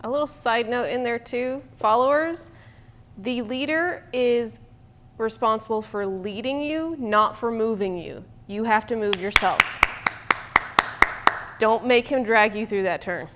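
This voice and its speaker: A woman helping teach a dance class throws in short, direct tips for the followers. Her voice sits a little high. A faint hiss of room noise runs under it. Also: unhurried, a bit bright. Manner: direct, offhand asides to the class. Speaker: dance follower and assistant instructor. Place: dance studio.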